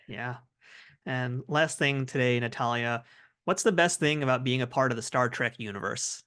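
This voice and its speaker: A man's voice: mid-range voice, normal speed, pushed and bright. A man hosting a podcast, asking interview questions and reading the show outro in an upbeat, friendly, promotional way. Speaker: podcast host.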